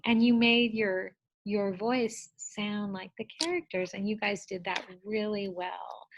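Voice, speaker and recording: Woman teacher, unhurried and encouraging, coaxes young kids through a reading lesson. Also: medium pitch, low-quality recording. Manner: gentle, encouraging, asks children questions.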